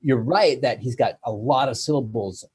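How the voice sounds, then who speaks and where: A man co-hosting a casual discussion, pushing back with animated arguments about rhythm and stress. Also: mid-range voice, moderate pace, breathy edge, no room sound. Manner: argumentative, animated, explains stresses with sweeping emphasis. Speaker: podcast co-host. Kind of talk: casual debate.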